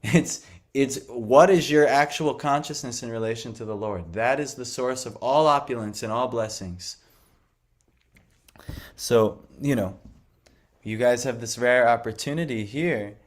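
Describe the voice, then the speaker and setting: A man's voice: medium pitch, unhurried. A young man telling a devotional story and teaching in a conversational way, full of fillers and restarts. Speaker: scripture class speaker.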